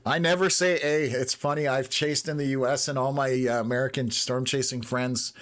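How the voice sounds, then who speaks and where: A man's voice: medium pitch, flat delivery, brisk, a bit bright. A man in his fifties from Canada, hosting live storm-tracking commentary in a rambling way, full of filler sounds and jumping between topics. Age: 50s. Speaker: weather stream host.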